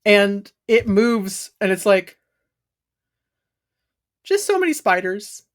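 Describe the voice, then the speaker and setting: Woman game master narrating slowly. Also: medium pitch, very animated.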